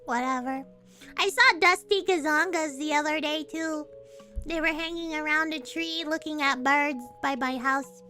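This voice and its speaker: A playful, jokey woman chats casually on a stream, swearing freely between lines she reads aloud. Her voice sits high and bright. Soft music runs underneath. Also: moderate pace. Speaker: streamer and voice actor. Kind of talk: casual livestream chat while reading a game aloud.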